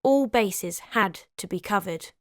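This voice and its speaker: A woman's voice: mid-range voice, animated, unhurried, no echo, studio quality. A woman hosting a history video, telling the story in a scripted but conversational way, with chatty asides.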